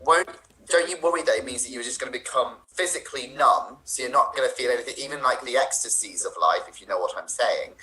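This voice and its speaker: A man's voice: mid-range voice, fast talker, pushed and bright, low-quality recording. A man playing in an online improv comedy show, playful and a little hesitant. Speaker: improv player. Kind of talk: casual improv chat.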